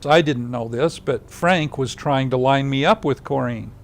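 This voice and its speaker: An older man being interviewed, telling a personal story in a lively way, acting out what others said and dropping to a hushed voice at tender moments. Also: mid-range voice, moderate pace, creaky. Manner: animated storyteller who acts out others' lines.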